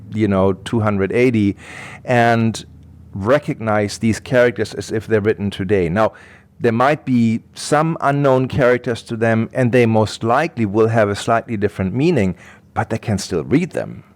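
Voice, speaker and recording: Low-voiced middle-aged man explaining patiently. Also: a little mellow. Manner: patient, explanatory, thinks aloud. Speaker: guest expert. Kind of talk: podcast interview, explaining.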